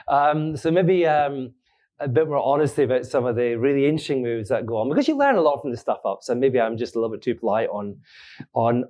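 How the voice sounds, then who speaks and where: A man's voice: mid-range voice, a little mellow. A man, hosting a podcast and answering audience questions at a live event, chatty and self-deprecating, often laughing. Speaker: podcast host being interviewed.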